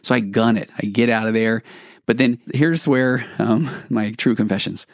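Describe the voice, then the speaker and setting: A man's voice: mid-range voice, moderate pace, vocal fry, no echo, studio quality. A man hosting a podcast, telling a personal story in a reflective, rambling way with many restarts. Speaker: podcast host, therapist. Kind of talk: storytelling monologue.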